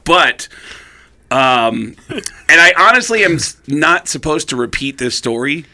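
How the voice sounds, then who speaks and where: A man spins a comic anecdote with lively energy, often restarting his sentences. His voice is bright and sharp, sitting a little high. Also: a little slow. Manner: animated, many restarts. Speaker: storyteller guest. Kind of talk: comedic anecdote telling.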